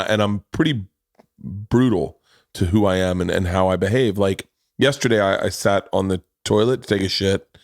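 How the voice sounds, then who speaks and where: A man in his forties with a fairly low voice, hosting a casual podcast. He rambles through self-deprecating stories, stumbling and restarting as he goes, recorded close and dry with no room sound. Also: dry recording. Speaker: podcast host.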